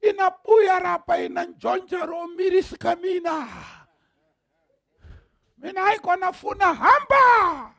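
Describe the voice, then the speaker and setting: A man voicing an angry white farmer who shouts at an intruder and barks commands. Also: very high voice, measured pace, creaky, dry recording, studio quality, pitched above the performer's own voice, full character voice. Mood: angry shouting.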